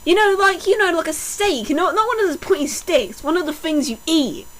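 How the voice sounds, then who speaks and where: Woman, high voice, very lively pitch, sarcastic comedic reading, mocking asides. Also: normal speed, low-quality recording. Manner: sarcastic, swaps between dramatic reading and snarky asides. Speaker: fanfiction reader. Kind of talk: comedic mocking read-aloud.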